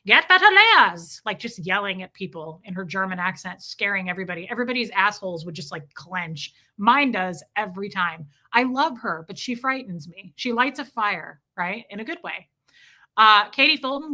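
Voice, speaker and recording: A woman hosts a casual livestream, answering her viewers' comments one after another. Her voice is bright and forward, and her joking is brash and crude. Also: medium pitch. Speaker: livestream host.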